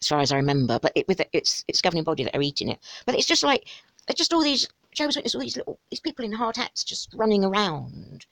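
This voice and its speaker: Sarcastic woman, lively gravelly voice. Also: medium pitch, fast, no room sound. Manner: sarcastic, wry asides, rambling. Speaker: host commenting on a study article. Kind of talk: casual sarcastic commentary.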